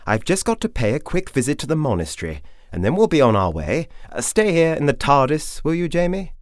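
Man playing a brisk breezy gentleman traveller, kindly, distracted, lifted higher, lively pitch, storybook reading. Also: no room sound, studio quality.

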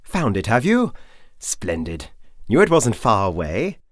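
A man voicing a brisk, kindly, distracted middle-aged traveller in a breezy, evasive manner. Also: on the low side, wildly swooping pitch, no room sound, studio quality, voice pushed up.

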